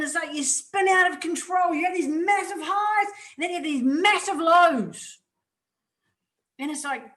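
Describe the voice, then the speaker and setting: A woman's voice: high voice, a bit bright. Woman co-presenter, emphatic and casual, far off the mic, roomy echo. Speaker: co-presenter of a webinar. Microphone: video call mic.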